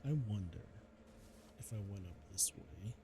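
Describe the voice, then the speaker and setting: A man's voice: deep voice, moderate pace, vocal fry, noisy background. A man commentating his own game stream, chatty and self-deprecating, laughing often. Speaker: VTuber streamer.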